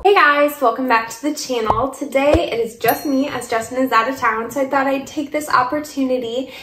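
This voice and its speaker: A woman's voice: sits high, fairly quick, a bit bright, a little hiss or hum. A young woman from Michigan telling a personal story in a casual vlog, getting tearful and laughing through the emotion. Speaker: vlogger. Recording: echoey room.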